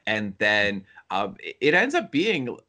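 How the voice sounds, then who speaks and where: A man's voice: fairly low pitch, wildly swooping pitch, a little slow, pushed and bright. Man musing in a rambling film chat. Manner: thoughtful, rambling, many fillers and restarts. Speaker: film review podcast co-host. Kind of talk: casual review chat.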